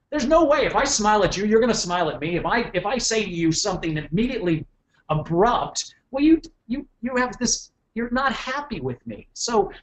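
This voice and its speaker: Animated middle-aged man giving a motivational talk. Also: sits high. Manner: animated, repeats words, asks the audience okay. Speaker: keynote speaker.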